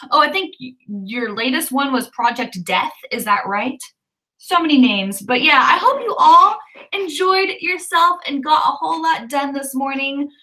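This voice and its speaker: Bright-voiced upbeat woman livestream host. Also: high-pitched, distant mic, low-quality recording. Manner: upbeat, cheers viewers on and reads out their comments. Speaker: livestream host of writing sprints. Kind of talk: casual livestream chat.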